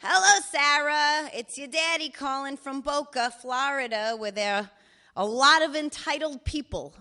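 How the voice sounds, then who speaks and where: A woman's voice: high voice, measured pace, pushed and bright, exaggerated voice. Woman doing her wisecracking old dad. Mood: joking. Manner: swearing freely, wry and affectionate. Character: older father, cheerful, profane, doting. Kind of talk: reading voicemails aloud in character.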